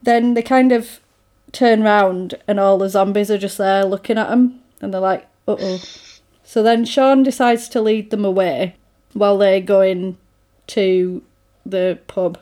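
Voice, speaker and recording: A woman in casual chat, recapping a film with animated storytelling and frequent laughs. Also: medium pitch, unhurried.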